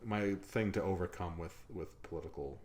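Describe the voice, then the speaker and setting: A man's voice: low voice, moderate pace, a little mellow. A man hosting a podcast, talking in a rambling, self-deprecating way with lots of fillers. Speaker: podcast host. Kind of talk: casual chat.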